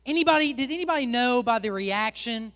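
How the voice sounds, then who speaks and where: A man's voice: extremely high pitch, animated, brisk, a bit bright, clean tone, in a large hall. A male pastor giving a playful sermon, joking and chatting with volunteers on a church stage.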